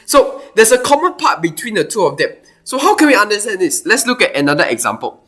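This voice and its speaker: Brief: male tutor, lively up-and-down delivery, walks through a worked math question. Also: high-pitched, fairly quick. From Singapore. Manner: animated, thinking aloud with exclamations. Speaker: math teacher. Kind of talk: explaining a worked math problem.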